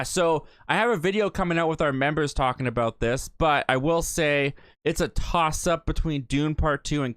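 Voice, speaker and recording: A man's voice: medium pitch, fairly bright tone, smooth, dry recording. A young adult man hosting a casual live Q&A stream, chatty and rambling, with lots of fillers and self-corrections. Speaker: live stream host reading chat.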